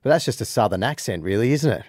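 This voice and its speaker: A man's voice: fairly low pitch, lively intonation, quick pace, a little mellow, dry recording. A man hosting a breakfast radio show, joking and laughing often in casual banter from a studio microphone. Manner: jokey, laughs often, teasing.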